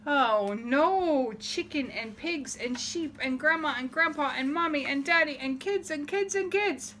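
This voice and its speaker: A woman's voice: high-pitched, slight background noise. A woman reading a picture book aloud to children, acting out the story and asking them questions. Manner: animated, asks listeners questions, acts out the story. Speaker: storybook reader.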